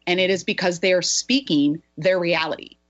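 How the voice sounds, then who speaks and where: A woman's voice: fairly low pitch, fairly even intonation, moderate pace, lo-fi sound. A woman hosting a health talk show, speaking in an emphatic, motivational way. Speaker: health coach, show host. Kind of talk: energetic radio talk.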